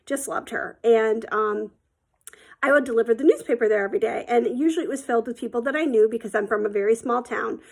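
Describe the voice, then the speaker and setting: A woman's voice: a little high, quick pace, creaky, a little mellow. A middle-aged woman telling a personal story in a casual, rambling way, with many ums and likes.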